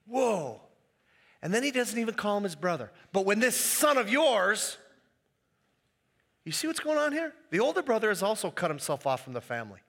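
A man preaching a sermon as pastor, animated and acting out the quoted voices. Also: sits high, normal speed, big-room sound.

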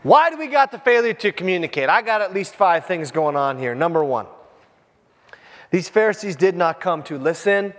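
A pastor in his fifties preaches to his church, joking and speaking straight to the people in the pews. His voice sits high for a man and swoops up and down all the time. The sound carries a long church-hall reverb. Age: 50s. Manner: animated, jokey, talks straight to the congregation. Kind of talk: sermon. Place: church with a congregation.

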